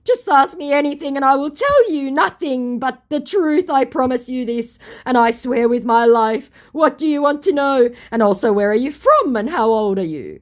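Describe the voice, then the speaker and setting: A woman voicing a pleading, evasive male online scammer, slow and wheedling. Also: high voice, lively intonation, voice pushed up. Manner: wheedling, drawn-out.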